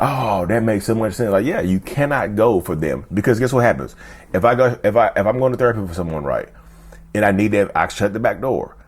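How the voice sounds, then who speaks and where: A man hosting his channel, talking earnestly to camera in casual chat, often repeating himself and jumping up in pitch for emphasis. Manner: earnest, repetitive, keeps asking "you see what I'm saying"; jumps sharply up in pitch for emphasis. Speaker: YouTube channel host.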